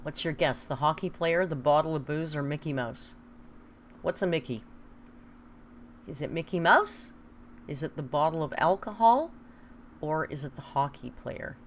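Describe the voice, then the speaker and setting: A woman's voice: deep voice, expressive, moderate pace, long pauses, slight background noise. A woman hosting a casual live stream, joking, laughing often and swearing freely. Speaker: stream host.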